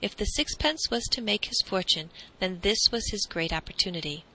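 A woman narrating a classic storybook in a calm, measured reading. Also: mid-range voice, poor audio.

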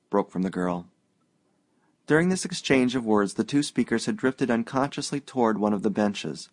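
A man narrating an audiobook in a steady, even-paced reading. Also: mid-range voice, no room sound.

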